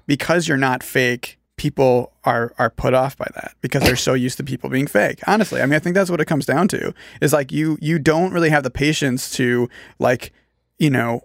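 A man's voice: medium pitch, normal speed, creaky. A man in casual podcast chat who rambles supportively with many fillers.

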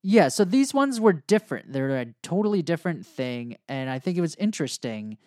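A man's voice: fairly high pitch, very animated, brisk, darkish tone, no room sound, clean studio sound. An American man co-hosting a podcast, chatting in an easygoing, agreeable way. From United States. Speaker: podcast co-host. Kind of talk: casual chat.

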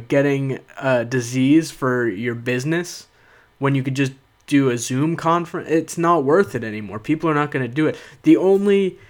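A young man, a stand-up comedian, delivering a rambling, sarcastic comic monologue to his podcast listeners. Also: medium pitch. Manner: rambling, sarcastic, with frequent "uh" and "okay?".

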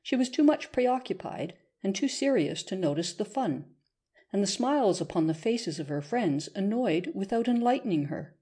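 A woman narrating a classic novel as an audiobook reader, in a measured storytelling manner. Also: medium pitch, lively intonation, warm tone, breathy edge. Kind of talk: scripted narration.

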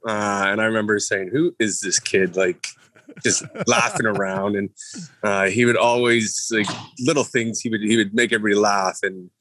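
A man, a former hockey player, talking in a halting podcast chat full of fillers and restarts. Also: fairly low pitch, fairly even intonation, a bit bright, slight background noise. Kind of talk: casual podcast talk.

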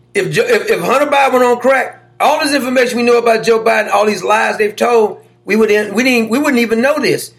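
Gravelly high-voiced male talk host. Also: brisk, a bit bright. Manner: mocking, sarcastic, often laughing. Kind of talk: opinionated political commentary.

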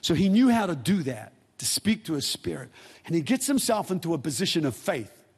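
A man's voice: a little high, very animated, a little fast, slightly rough, in a large hall. A man preaching a sermon, retelling a scripture story in casual, everyday words.

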